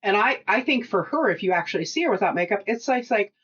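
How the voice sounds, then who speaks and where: A middle-aged woman co-hosting a casual chat, telling animated stories, acting out what people said, and laughing often. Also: mid-range voice, quick pace, breathy edge, lo-fi sound. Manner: animated storyteller who acts out quotes and laughs often. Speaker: podcast co-host and shop owner.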